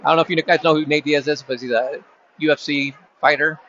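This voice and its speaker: A man doing casual play-by-play for a high school football game at the stadium, chatty and rambling, with joking asides to friends. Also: fairly even intonation, fast talker, a bit bright. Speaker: play-by-play announcer. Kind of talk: casual local sports commentary. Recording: dull lo-fi sound with faint crowd ambience.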